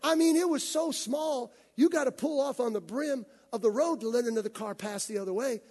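High-voiced, husky male preacher. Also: fairly quick. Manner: animated storytelling, acting out scenes. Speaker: pastor. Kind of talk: sermon.

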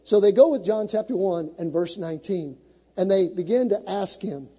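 A man's voice: sits high, normal speed, warm tone, husky, big-room sound. A male pastor preaching a sermon to a congregation, with dramatic build-ups, acting out the scripture stories he tells.

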